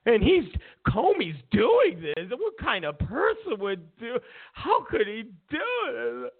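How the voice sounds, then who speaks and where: A man's voice: very high-pitched, huge pitch swings, slow, gravelly. A man hosting a political commentary show, ranting in a sarcastic, mocking way, stumbling over restarts and mimicking opponents. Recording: tinny phone-like lo-fi sound.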